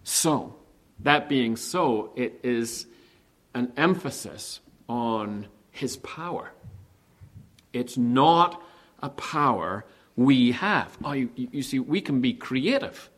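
With a medium-pitched voice, a male pastor preaches energetically, throwing out rhetorical questions and easing his pace whenever he wants certain words to land.

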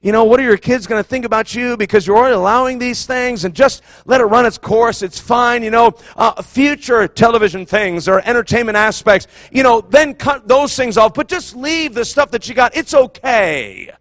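A man voicing a sly devil who coaxes softly in someone's ear. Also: very high-pitched, moderate pace, few pauses, dry recording, pitched above the performer's own voice. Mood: coaxing. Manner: coaxing, soft and reassuring.

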